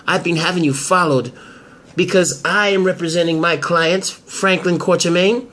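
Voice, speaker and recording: A man voicing a confident woman lawyer in an amateur soap drama, making firm, drawn-out threats. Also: sits high, steady tone, sharp tone. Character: sharp, confident woman lawyer, cornering a blackmail target.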